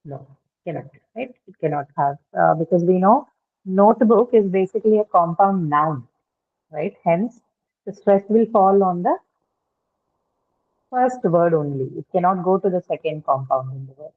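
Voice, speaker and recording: A woman's voice: lowish voice, expressive, moderate pace. Woman teaching over a tinny call. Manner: asks frequent check questions, many fillers. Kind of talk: online phonetics lesson. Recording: tinny phone-like call audio.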